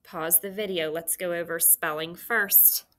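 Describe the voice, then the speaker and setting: A woman teaching a phonics lesson to young children, giving slow, clear, encouraging instructions. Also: on the low side, fairly even intonation, pushed and bright.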